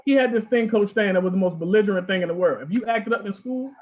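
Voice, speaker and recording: A man's voice: sits high, quick pace. A man from Baltimore hosting a casual talk, telling stories with animation and acting out the people in them. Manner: animated, acts out quoted people. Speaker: host. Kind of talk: casual storytelling. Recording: tinny phone-like line.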